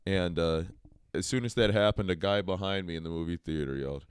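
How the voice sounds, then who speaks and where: A man's voice: low voice, moderate pace, smooth, no echo, studio quality. A man co-hosting a comedy podcast, rambling through stories with frequent laughs. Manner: rambling, laughing, doing loud impressions. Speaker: podcast co-host. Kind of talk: casual comedy chat.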